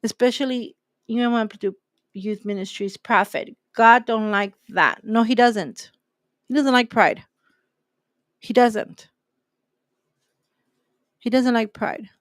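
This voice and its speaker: A woman gives a faith talk in an emphatic, preaching style and drives her points home by repeating them. Her voice sits on the higher side, and the sound is close and dry with no room echo. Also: slow, pauses often. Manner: emphatic, repeats key phrases. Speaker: host.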